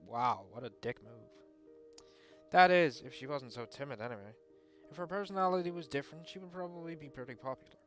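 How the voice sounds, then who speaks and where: A man's voice: medium pitch, fairly quick, soft background music. A man playing and reading aloud a visual novel, joking and teasing, swearing freely between narrated lines. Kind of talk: casual gaming commentary with narration.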